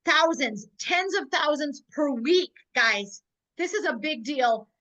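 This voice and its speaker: Bright-voiced emotional woman pitching hard. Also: expressive, takes it slowly, dull audio. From North Dakota. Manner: emotional, on the verge of tears; fervent, repetitive rallying. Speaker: host of a sales webinar.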